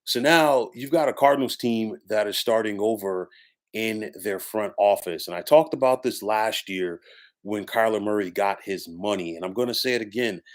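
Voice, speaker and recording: A man's voice: lowish voice, normal speed. A man delivering a solo sports opinion monologue, emphatic and given to repeating stock phrases. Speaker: sports commentator.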